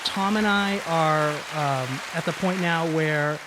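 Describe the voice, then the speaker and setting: A man's voice: fairly high pitch, takes it slowly, noisy background. A man co-hosting a podcast in casual chat, rambling and restarting often. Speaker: podcast co-host.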